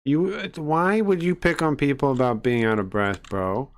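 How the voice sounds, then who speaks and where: A man's voice: mid-range voice, moderate pace. Indignant rambling man reacting. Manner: indignant, rambling, repeats himself. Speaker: streamer reacting to a video. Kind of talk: casual reaction commentary.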